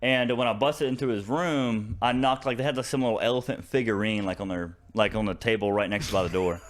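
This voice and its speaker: A young man with a Southern American accent co-hosts a casual podcast, telling a long, rambling story packed with fillers and restarts and laughing as he goes. His voice is on the low side and he talks briskly.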